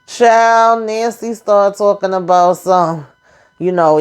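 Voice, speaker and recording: A woman's voice: medium pitch, steady tone, slow pace, clear, resonant tone. A woman host casually recapping a TV episode, acting out each character's lines in a blunt, profane way.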